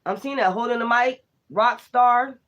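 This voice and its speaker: A tarot reader giving a casual spiritual reading, animated and laughing often, with heavy profane slang. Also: mid-range voice, unhurried, dull audio.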